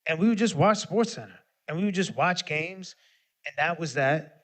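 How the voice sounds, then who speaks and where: Brief: 30s man, high voice, livestream rant into a phone camera, profane and animated. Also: normal speed. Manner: animated, ranting, profane, swings between loud and muttered. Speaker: musician hosting a livestream.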